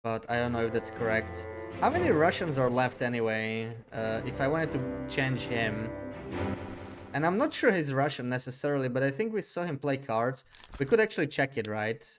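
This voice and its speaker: A man's voice: mid-range voice, sing-song, normal speed, music in the background. A young adult man streaming a game live, thinking aloud in a hesitant, rambling way with frequent restarts.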